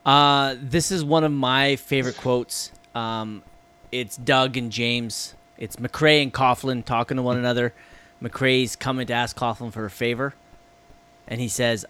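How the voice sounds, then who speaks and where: A man co-hosting a podcast in casual chat, enthusiastic, swearing freely and trailing off as he gets excited. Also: medium pitch, a little slow, clear, resonant tone. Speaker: podcast co-host.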